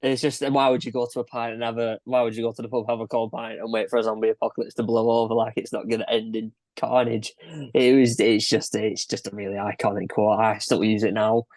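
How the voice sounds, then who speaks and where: Young podcast co-host, easygoing, low voice, dry close mic. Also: male voice, flat delivery, fast, darkish tone, no echo. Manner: laid-back, laughs often, repeats himself. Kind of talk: casual film-review chat.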